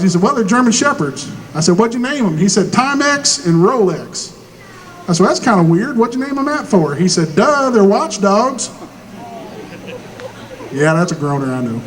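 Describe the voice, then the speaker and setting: Folksy hillbilly comic with a high voice. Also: male voice, low-quality recording. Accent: American Southern rural. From Missouri. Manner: folksy hillbilly drawl, deadpan punchlines, acts out both sides of dialogue. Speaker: stand-up comedian. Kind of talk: stand-up comedy storytelling.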